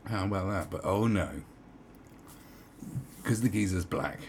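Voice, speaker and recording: Deep-voiced sarcastic man. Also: unhurried, gravelly, heavy background noise. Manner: sarcastic, swearing, mocking asides. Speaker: online commentator. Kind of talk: casual commentary reading an article aloud.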